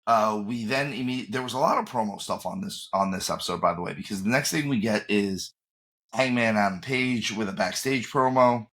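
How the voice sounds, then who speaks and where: A man's voice: lowish voice, normal speed, a bit bright. A man co-hosting a podcast in casual chat, opinionated and emphatic, often restarting his sentences. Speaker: podcast co-host.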